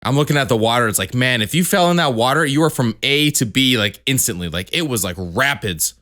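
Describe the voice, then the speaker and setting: A man's voice: medium pitch, expressive, brisk, bright, forceful tone. A young man co-hosting a podcast, telling stories in a laid-back way with casual swearing. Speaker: podcast co-host. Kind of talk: casual chat.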